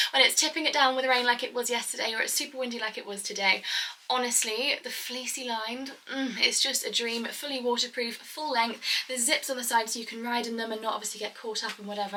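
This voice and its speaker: Chatty high-voiced woman vlogging. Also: sharp tone. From England. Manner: chatty and upbeat, with frequent laughs; high sing-song calls to horses. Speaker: equestrian vlogger. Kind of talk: casual vlog chat. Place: outdoors at a windy field.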